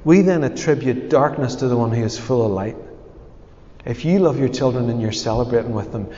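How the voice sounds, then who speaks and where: A man, a pastor giving a conversational, animated sermon with asides to the congregation. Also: medium pitch, brisk. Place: church hall. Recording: echoey church hall, dull sound.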